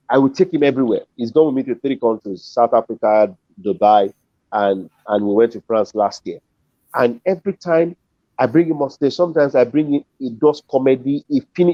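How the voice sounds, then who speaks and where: A middle-aged man with a Nigerian accent tells a long story as a guest, acting out each person in it as he goes. His voice sits at an everyday pitch. The audio is dull and dry, with the lo-fi feel of a streamed call. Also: dry recording. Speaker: comedian and compere, interview guest. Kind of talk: storytelling in an interview.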